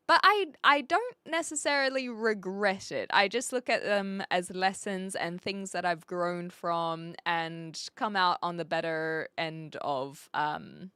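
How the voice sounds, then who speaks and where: A woman's voice: mid-range voice, bright, forceful tone, smooth, no room sound, clean studio sound. A woman with a New Zealand accent chatting casually on a live stream, reading out chat messages with a rambling, self-deprecating manner and frequent laughs.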